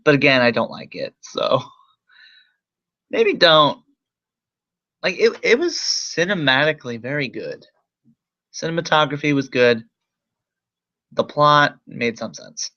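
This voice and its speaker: A man's voice: fairly high pitch, very animated, unhurried, long pauses, pushed and bright. A young man casually reviewing a movie, rambling with lots of fillers and swearing. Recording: slightly dull lo-fi mic.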